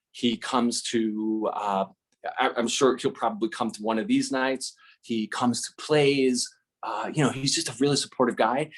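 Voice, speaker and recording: Animated man telling a funny anecdote. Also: mid-range voice. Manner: animated, acts out dialogue with many fillers and restarts. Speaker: storyteller. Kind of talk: casual spoken anecdote.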